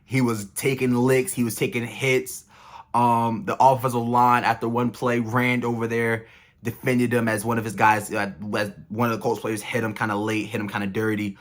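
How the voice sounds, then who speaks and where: A young man hosting a fan channel, giving an emotional, excited postgame reaction rant with lots of repetition. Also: mid-range voice, moderate pace. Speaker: sports fan channel host.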